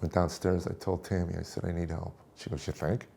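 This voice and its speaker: A very low, heavily gravelly male voice. He is a middle-aged guest recounting his life story in conversation. He pauses, restarts and repeats words in a reflective way. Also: flat delivery, mellow, slight background noise.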